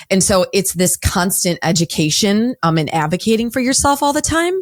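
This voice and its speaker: A woman in her forties, a counselor speaking as an interview guest, talking bluntly in quick bursts with frequent restarts. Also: fairly low pitch, expressive, no room sound, studio quality. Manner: blunt, unapologetic, talks fast in bursts with many restarts. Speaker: guest, mental health counselor. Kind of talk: candid interview conversation.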